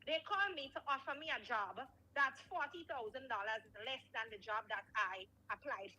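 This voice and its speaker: A woman's voice: fairly high pitch, normal speed, bright, forceful tone, a little hiss or hum, low-quality recording. A woman calling in to a radio talk show, speaking emphatically and lecturing listeners. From Grenada.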